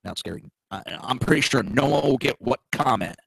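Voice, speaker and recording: A middle-aged man hosts a political talk show in a blunt, profane way, dropping mocking asides. His voice has a gravelly edge and a sharp, bright tone. The recording is dry and close, with no room sound. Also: medium pitch, expressive, a little fast, no room sound, poor audio.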